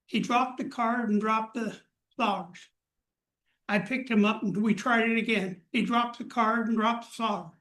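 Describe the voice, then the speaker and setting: An older man telling a personal story to a live group in a plain, unhurried way. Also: high voice, fairly even intonation, sharp tone. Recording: echoey room.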